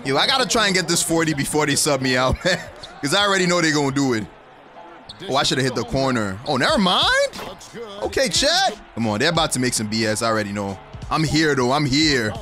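A man's voice: fairly high pitch, very animated, fast, music in the background. Hyped young man commentating a basketball game. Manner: hyped, shouting and laughing at plays. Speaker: gaming YouTuber. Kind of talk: excited gameplay commentary.

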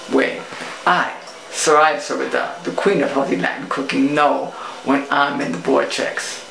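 A woman's voice: low voice, vocal fry, fairly bright tone, roomy sound, slight background noise, poor audio. A woman, a cooking show host, telling a playful story in a casual vlog monologue. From Puerto Rico.

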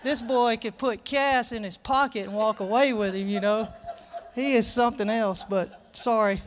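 A man's voice: sits high, steady tone, moderate pace, slight background noise. A man preaching a sermon in a church service, folksy and earnest, reading scripture aloud with emphasis.

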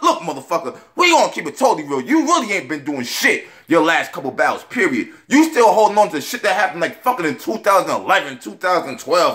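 A man, a battle rap blogger giving a brash, profane, animated rant in a video response. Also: sits high.

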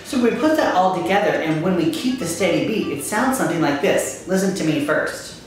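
A woman teaching a kindergarten music lesson, upbeat and encouraging, chanting words to a steady beat and calling on children to join in. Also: fairly low pitch, a little fast, very noisy. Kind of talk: children's lesson, call and response. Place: kitchen. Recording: echoey room, mic far off.

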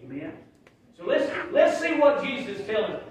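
High-voiced pastor in echoey church. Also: male voice, very animated, normal speed. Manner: folksy, builds to shouted emphasis. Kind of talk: sermon. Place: church sanctuary. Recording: very echoey room, from far off.

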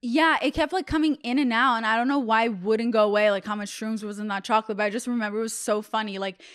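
Brief: young woman podcast host, high-ish smooth voice, dry close sound, rambling casual storyteller. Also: fairly even intonation, quick pace, dry recording. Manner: rambling storytelling, heavy "like" fillers. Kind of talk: casual chat.

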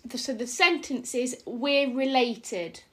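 A woman's voice: high-pitched, slow pace, a little hiss or hum. A woman in a home video, giving playful instructions with amusement.

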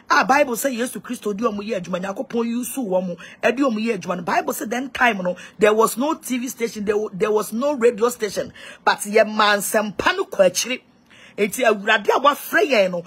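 This is a Ghanaian-accented woman evangelist with a husky, breathy voice. She pleads and presses her point in a mix of English and local speech, preaching straight to her followers. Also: medium pitch. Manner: mixes English and Twi, pleading and emphatic. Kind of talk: preaching appeal to viewers.

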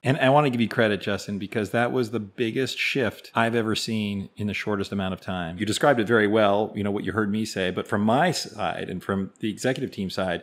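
A man in his forties, a CEO coach hosting an interview, speaking in an affirming, encouraging way. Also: lowish voice. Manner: warm, affirming, gives praise directly. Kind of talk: interview conversation.

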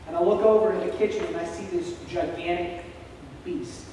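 A young man telling an animated story as a sermon in a church hall, acting out sounds, recorded by a camera across the room. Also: high voice, normal speed, pauses often, slight background noise. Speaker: preacher. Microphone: self-recorded camera from across the room. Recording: echoey church hall from far off.

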